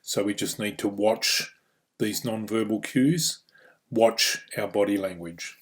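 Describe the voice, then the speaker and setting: Australian man, somewhat low voice, course trainer, instructional narration, explanatory, fillers like "um". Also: slow pace. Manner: explanatory, with frequent "you know" and "um".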